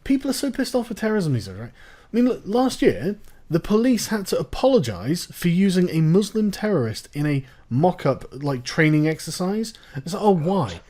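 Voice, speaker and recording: Host, male, profane sarcastic ranter, lively pitch, warm low timbre. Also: moderate pace. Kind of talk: casual political chat.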